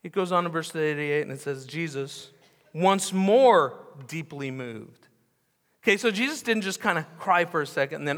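Animated pastor preaching in a reverberant hall. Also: male voice, on the high side, normal speed. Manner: animated storytelling, repeats phrases for emphasis, drops to hushed tones. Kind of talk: sermon. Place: church sanctuary.

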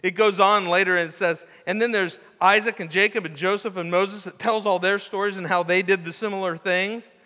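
A man's voice: sits high, fairly even intonation, brisk, few pauses, bright, forceful tone, in a large hall. A man preaching a sermon in a conversational way, with restarts and asides as he reads scripture. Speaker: pastor.

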